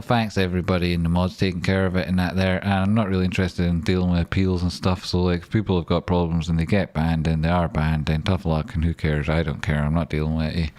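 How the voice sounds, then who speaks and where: A man hosts a casual live trading stream from home. His voice sits very low. He rambles, swears and speaks his mind bluntly, and the sound is close and dry. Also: little pitch movement, fast talker, hardly any pauses, a little mellow, no echo.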